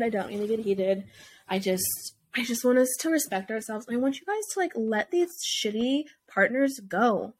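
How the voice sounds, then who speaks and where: A woman's voice: on the high side, animated, normal speed. A young woman hosting a podcast, giving blunt, heated relationship advice with lots of swearing and filler words. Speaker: podcast host.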